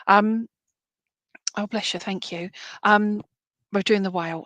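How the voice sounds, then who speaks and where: A woman's voice: mid-range voice, moderate pace, a bit bright, no room sound. A woman giving chatty, reassuring psychic readings on a live stream, full of fillers. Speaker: psychic reader.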